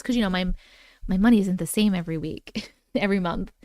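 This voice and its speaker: A woman's voice: fairly low pitch, brisk, darkish tone, no room sound, studio quality. A woman hosting a live stream from home, chatting casually and bubbling as she reacts to viewers' comments.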